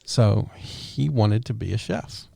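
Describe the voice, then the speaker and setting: A man with a low, gravelly voice tells a story in a relaxed podcast chat. His tone is dark and mellow and the sound is dry and close. He acts out the lines of the people in his story as he goes. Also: slow pace, no room sound. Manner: relaxed storyteller who acts out quoted dialogue. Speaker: podcast co-host.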